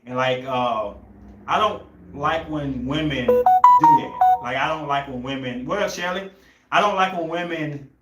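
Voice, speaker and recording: Over music, a young podcast host with a slightly high voice tells a story at a measured pace. It's a loose, rambling, casual chat where he often searches for words, and the recording is reverberant.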